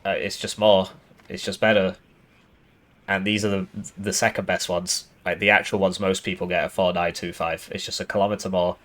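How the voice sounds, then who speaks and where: Sarcastic man with a low voice. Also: moderate pace. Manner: sarcastic, rambling, deadpan. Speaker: gaming YouTuber. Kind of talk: casual game commentary.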